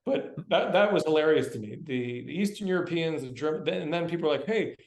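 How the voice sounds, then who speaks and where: Man, actor guest, animated, slangy, somewhat high, echoey room, video call. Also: fairly quick, slight background noise. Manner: animated, laughing, dude-and-bro slang. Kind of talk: casual storytelling interview.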